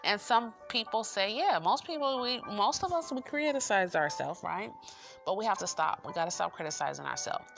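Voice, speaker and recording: A woman's voice: a little high, big pitch swings, normal speed. A woman hosting a book review channel, talking loosely and encouragingly and repeating affirmations. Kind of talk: casual spoken book review. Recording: music playing behind voice.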